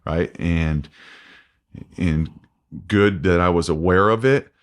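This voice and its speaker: A man in his forties, a podcast guest, talking candidly and haltingly with many restarts and fillers. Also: sits low, clear, resonant tone. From United States. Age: 40s. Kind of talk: candid interview.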